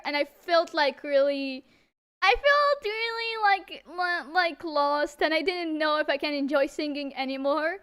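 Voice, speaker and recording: A woman's voice: high voice, a bit bright. A woman VTuber singer on a live stream, tearful and stammering. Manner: stammering, laughing, reading chat aloud. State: tearful, on the verge of crying. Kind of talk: emotional live-stream chat.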